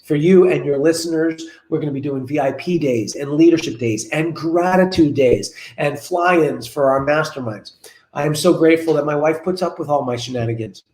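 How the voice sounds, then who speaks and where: A lively man in his forties tells an anecdote as a guest on a web show, sitting in his office. He repeats key phrases for emphasis, and his voice sits a touch high. The video-call audio picks up a roomy echo off the office walls. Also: moderate pace. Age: 40s. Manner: energetic, repetitive, storytelling. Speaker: guest business coach.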